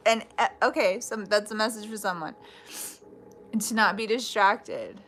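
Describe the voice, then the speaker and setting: A woman reading tarot live in a casual, chatty way, blunt and quick to swear. She restarts her thoughts and laughs between them, her voice sitting in a middle range. A faint hiss runs under the recording. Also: mid-range voice, fairly bright tone. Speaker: tarot reader.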